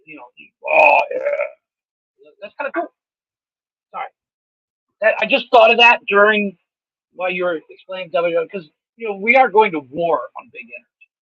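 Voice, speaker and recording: A man co-hosting a casual comedy podcast in a high voice, talking in an easygoing, offhand way. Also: expressive, normal speed, pauses often, sharp tone, no room sound, muffled recording. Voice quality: high voice, self-described as sounding like a little girl. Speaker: podcast co-host.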